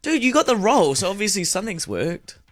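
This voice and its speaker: A man co-hosting a radio show, teasing his co-host and talking in an animated, upbeat way. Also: high-pitched, fast talker, no echo, faint music behind. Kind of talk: casual radio banter. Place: radio studio.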